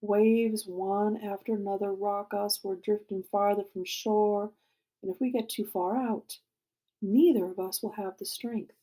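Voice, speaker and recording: A woman reading a novel aloud to a class, expressive and dramatic, sometimes dropping to a hushed voice. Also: mid-range voice, a little slow. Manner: expressive, dramatic, drops to a hushed voice for tense moments.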